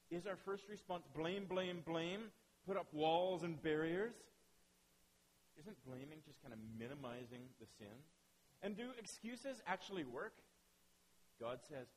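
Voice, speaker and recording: A man preaching a sermon in an animated way, firing off rhetorical questions and checking in with his listeners. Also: high voice, a little slow, low-quality recording.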